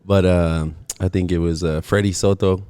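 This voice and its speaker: Deep-voiced El comic. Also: male voice, steady tone, normal speed, warm tone, smooth, dry recording. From El Paso, Texas. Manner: laid-back, slangy storytelling. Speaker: stand-up comedian guest. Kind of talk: casual chat.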